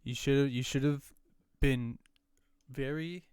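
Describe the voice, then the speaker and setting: A man's voice: medium pitch, fairly even intonation, slow, a little mellow, smooth. Tired, mumbling podcast man. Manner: mumbling, swearing, laughing at own ideas. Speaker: podcast co-host. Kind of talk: casual chat.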